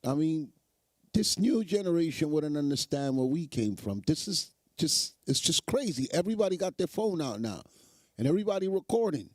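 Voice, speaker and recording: High-voiced sarcastic male commentator. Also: very animated, normal speed, darkish tone, no room sound. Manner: sarcastic, emphatic, repeats phrases. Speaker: show host commenting on news clips. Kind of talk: mocking live commentary.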